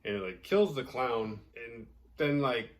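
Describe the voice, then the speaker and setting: Sounding distant from the mic, his expressive mid-range voice moves unhurriedly. The horror podcast host loosely retells a movie's story in a jokey, profane ramble, with "like" filling nearly every sentence.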